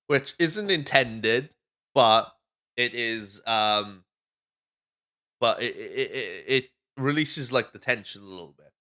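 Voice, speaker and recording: Rambling Welsh man recapping a film. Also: a bit bright. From Wales. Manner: rambling, swears freely, acts out film lines in silly high voices. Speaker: podcast host. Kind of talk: casual movie recap monologue.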